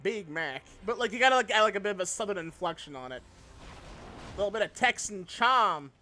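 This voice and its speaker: A young man chatting on a live game stream with an unusually high voice, bright and forceful in tone. He talks in a loose, excitable way, swearing freely and breaking into laughter often. It sounds like a streaming desk microphone. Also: fast. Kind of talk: casual live-stream chat while gaming.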